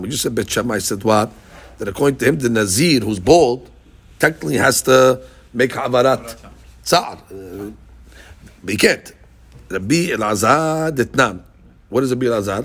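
A man's voice: mid-range voice, slightly rough. A man teaching a daily Gemara class, asking rhetorical questions and mixing in Hebrew and Aramaic terms. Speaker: Talmud teacher.

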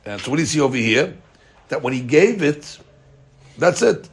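A man teaching a daily Talmud class, an animated storyteller who mixes Hebrew and Aramaic into his English. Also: on the high side, normal speed, creaky.

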